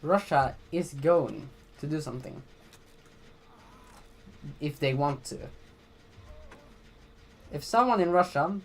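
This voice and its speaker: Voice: medium pitch, animated, takes it slowly, pauses often, slight background noise. A vlogger from Sweden giving casual commentary in a rambling, blunt and profane way, with frequent restarts.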